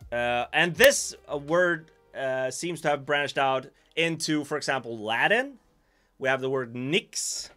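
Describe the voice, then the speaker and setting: A man's voice: medium pitch, pushed and bright. A man with a Swedish accent, a native Swedish speaker, hosting a casual livestream and musing aloud in a self-mocking way while reading from the chat. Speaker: livestream host.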